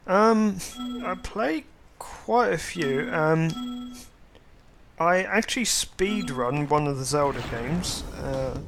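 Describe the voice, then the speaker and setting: A man's voice: a little high, expressive, gravelly. A man casually commenting on a game he is playing, hesitant and full of ums. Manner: hesitant, many ums, drawn-out pauses. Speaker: let's play host. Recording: loud game music under voice. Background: game music.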